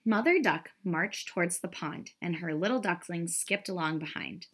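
A woman's voice: fairly low pitch, normal speed, few pauses, a bit bright, husky. A woman teacher reading a picture book aloud to children in a careful storytelling manner.

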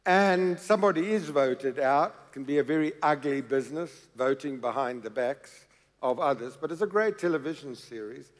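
A man's voice: mid-range voice, moderate pace. A man preaching a sermon in a church, emphatic and dramatic, repeating phrases for effect. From South Africa. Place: large church hall. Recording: reverberant church hall.

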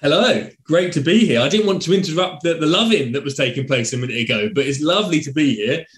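Man, guest, head teacher, friendly, modest, slightly high pitch, roomy sound. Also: expressive, quick pace. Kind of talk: interview.

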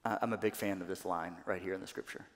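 A man preaching a sermon as pastor, animated, often acting out quoted voices louder and higher. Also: quick pace. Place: church sanctuary. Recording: church sanctuary with long reverb.

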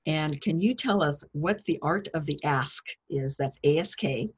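A woman's voice: low voice, lively intonation, unhurried, breathy edge. A woman hosting a live online interview, asking playful prompting questions.

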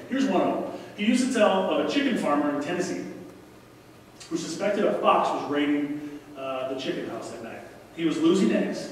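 A middle-aged man preaches a sermon in a chatty, storytelling way and keeps turning to the congregation with asides. His voice sits a little high. It is picked up from across a large church hall, so it comes through distant and heavy with echo. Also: a little hiss or hum. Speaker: guest preacher. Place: church sanctuary.

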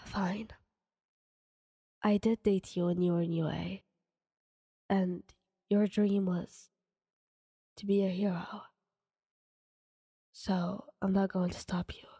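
A woman voicing an apologetic, hot-tempered teenage boy hero student in a soft whisper, as whispered role-play. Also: mid-range voice, level tone, takes it slowly, long pauses, slightly rough, long reverb tail.

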